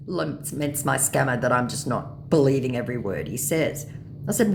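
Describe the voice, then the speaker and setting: A woman's voice: a bass voice, lively intonation, normal speed, a little mellow, a little hiss or hum. A woman casually recounting an online chat in a blunt, scornful and sarcastic way. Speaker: scambaiter narrating her chat. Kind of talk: casual storytelling narration.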